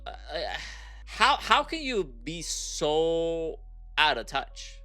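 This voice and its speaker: A man's voice: on the high side, big pitch swings, slow, bright, forceful tone, soft background music. A young man reacting to a video, ranting incredulously, swearing and repeating himself. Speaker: reaction streamer. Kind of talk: profane ranting reaction commentary.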